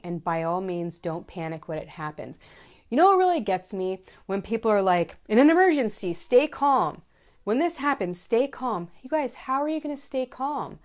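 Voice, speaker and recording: A woman in her thirties giving safety advice to other moms in a casual, earnest way, repeating her key points for emphasis. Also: mid-range voice. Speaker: mom vlogger giving safety tips. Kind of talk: casual direct-to-camera advice.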